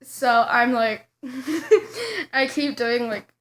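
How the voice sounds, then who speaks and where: A young woman with a high, bright-pitched voice talks straight to the camera in a storytime vlog. She tells it with dramatic flair, laughing often as she goes. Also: big pitch swings, extremely slow. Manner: giggly, dramatic, breaks into laughing. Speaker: vlogger.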